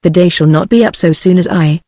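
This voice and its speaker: A synthetic text-to-speech voice of a woman with a British English accent, reading the part of a proud young male French prince in a flat, unvaried way. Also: on the low side, fairly quick, dry recording, studio quality, natural voice.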